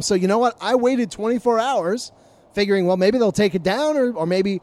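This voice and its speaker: A man with a notably high voice tells a long sports-media story in a casual podcast chat. He talks animatedly and slips into the voices of the people he quotes. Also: normal speed, darkish tone. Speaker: sports reporter recounting stories.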